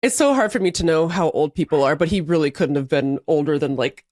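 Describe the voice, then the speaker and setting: A woman's voice: sits low, a little fast, no echo, studio quality. A woman co-hosting a podcast, telling a story in casual chat with a lot of laughter. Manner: animated storytelling, laughs often. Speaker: podcast co-host.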